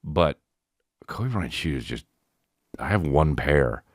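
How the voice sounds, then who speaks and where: Speaking very deeply and slowly, a podcast host goes on a loose, profane, rambling comedic rant, animated and bursting into sung snippets. The studio recording is clean with no echo.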